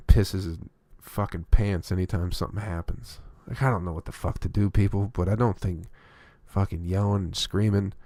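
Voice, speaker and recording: Give me a man doing a solo comedy podcast rant, profane and rambling, in a fairly low voice. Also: a little mellow, no echo, clean studio sound. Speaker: comedian hosting his own podcast.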